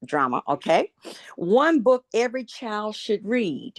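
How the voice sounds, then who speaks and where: A woman hosting a podcast who asks quick questions in an upbeat, encouraging way. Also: mid-range voice, big pitch swings, no echo, studio quality. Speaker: podcast host. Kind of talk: casual podcast interview.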